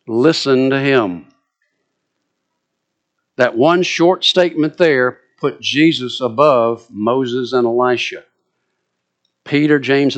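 A man with a Southern US accent preaching a sermon, acting out scripture quotes with lively, dramatic delivery. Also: mid-range voice. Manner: animated, dramatic quoting of scripture.

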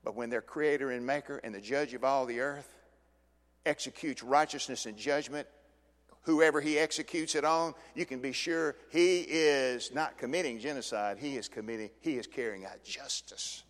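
Older male pastor, sermon delivery, dynamic swings from quiet to booming, long church reverb. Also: moderate pace. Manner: dramatic swings from hushed to loud. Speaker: preacher.

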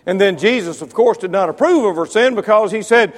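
High-voiced man preaching in a reverberant hall. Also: expressive, brisk. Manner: builds to loud emphatic peaks, then drops low; wry humor, addresses listeners by name. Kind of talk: sermon. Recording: long reverb of a large hall.

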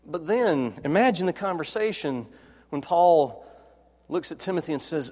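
A man preaching a sermon in a dramatic way, dropping to soft, low tones as he retells scenes. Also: expressive, fairly quick, long reverb tail. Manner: dramatic, acts out quoted dialogue, drops to soft low tones.

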